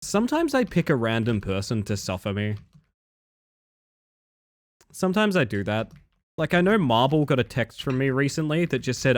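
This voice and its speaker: A man's voice: mid-range voice, very animated, normal speed, pauses often, no room sound. A young Australian man streaming live, rambling and joking with his chat and swearing freely.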